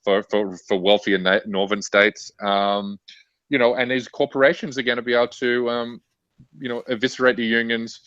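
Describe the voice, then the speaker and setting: A man's voice: medium pitch, steady tone, moderate pace, fairly bright tone, dry recording, dull audio. A man appearing as a guest author and activist, arguing political points fluently with many fillers. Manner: fluent, argumentative, many "you know" fillers. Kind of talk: political discussion.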